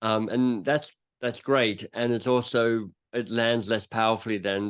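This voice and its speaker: A man's voice: on the low side, measured pace, smooth. A man speaking as a guest author and coach in a podcast interview, telling stories and acting out little quotes as he goes. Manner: animated storyteller who acts out quotes.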